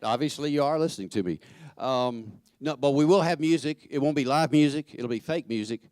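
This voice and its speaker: A man giving church announcements in a chatty, joking way, halting with fillers and restarts. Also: mid-range voice, darkish tone, no echo. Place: church sanctuary.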